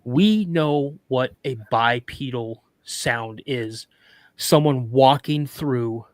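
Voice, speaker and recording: A man of middling pitch tells a story in a casual, animated way, jumping into the quoted voices of the people in it and restarting his sentences as he goes. His voice sounds close and dry, with no room around it. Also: slow pace, no room sound. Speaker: podcast guest.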